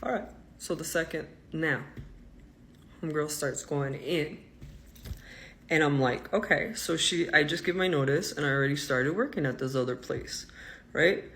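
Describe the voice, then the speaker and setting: A man telling a personal story in a casual, indignant rant, swinging between loud outbursts and muttered asides. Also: fairly high pitch, normal speed, pauses often, a little hiss or hum. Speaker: vlogger.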